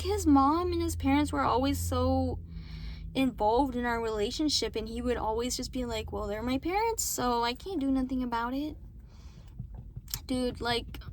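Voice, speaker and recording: High-voiced young woman venting casually. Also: a bit bright, slight background noise. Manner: rambling, frequent swearing and apologies. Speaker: vlogger.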